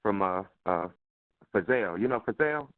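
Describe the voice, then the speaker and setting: A man from Chicago calling into a live chat show, soft-spoken and halting. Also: on the low side, animated, dry recording. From Chicago, USA. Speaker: caller. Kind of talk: casual call-in chat. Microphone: phone call. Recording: dry tinny phone line.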